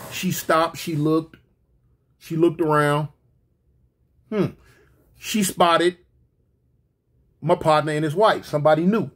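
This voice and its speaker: A man telling a funny story in a casual, slangy, animated way, getting loud and excited at the big moments. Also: a little high. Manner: animated, slangy, rising to near-shouts at the peak.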